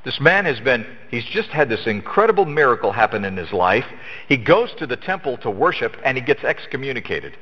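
Husky guy teaching bible study in a church hall, lively up-and-down voice, lots of echo, kinda muffled. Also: medium pitch, fairly quick. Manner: earnest, emphatic explaining with frequent restarts. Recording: echoey church hall, dull lo-fi sound.

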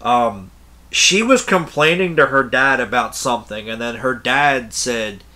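A young man with a bright, forceful voice talks casually to camera. He rambles from one point to the next and swears without a second thought. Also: mid-range voice, expressive, unhurried. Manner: rambling, blunt, swears freely. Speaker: concert reviewer.

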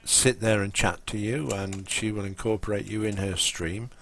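A man's voice: lowish voice, steady tone, normal speed, gravelly, fairly bright tone, a little hiss or hum. A man chatting casually and rambling while he plays a game on a live stream. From England. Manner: rambling, full of ums and restarts.

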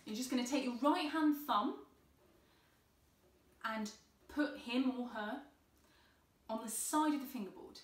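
A woman's voice: a little high, measured pace, long pauses. Woman, cello teacher, patient and encouraging, echoey room, distant mic. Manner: encouraging, patient, step-by-step instructions. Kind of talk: online music tutorial.

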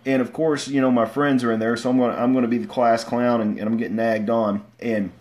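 A man, rambling through casual livestream stories, with many fillers and restarts and sudden loud outbursts. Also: mid-range voice, flat delivery, fast, slight background noise. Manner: bursts into loud shouts when acting out stories. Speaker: vlogger.

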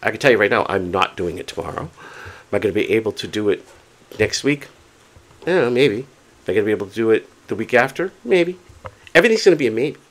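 A man casually telling a story to camera, chatty and animated, often repeating himself for emphasis. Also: medium pitch. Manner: excited, determined. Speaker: vlogger.

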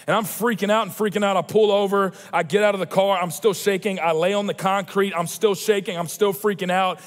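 Pastor in his 30s, high voice, emphatic sermon delivery, long church-hall reverb. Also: fairly quick, hardly any pauses. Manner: animated, emphatic preaching with personal storytelling. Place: large church auditorium.

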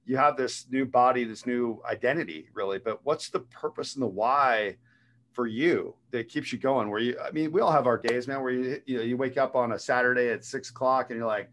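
A man's voice: medium pitch, fairly quick, a bit bright, slight background noise. Man hosting an easygoing interview. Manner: encouraging, asks long framing questions. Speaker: interview host. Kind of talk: casual interview chat.

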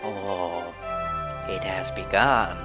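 A young man giving jokey, excitable commentary while playing a video game. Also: low-pitched, drawn-out words. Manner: excitable, jokey, yelps and laughs. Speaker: let's play gamer. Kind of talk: casual gameplay commentary. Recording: game music loud under the voice.

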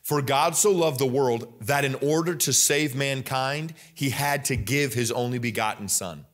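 A young adult man with an American Midwest accent preaching a sermon in a church, rising higher and louder at the climaxes. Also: unhurried. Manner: emphatic preaching, rising loud and high at climaxes. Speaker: pastor.

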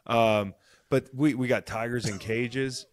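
A man in his thirties hosting a podcast, talking in excitable, profane, jokey banter. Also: mid-range voice, slow. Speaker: podcast host. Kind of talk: casual chat.

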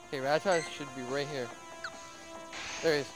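A man vlogging while he walks around town playing a phone game, excitable and swearing freely. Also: on the high side, brisk, long pauses. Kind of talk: casual gameplay commentary while walking. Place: outdoors walking around town. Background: loud music.

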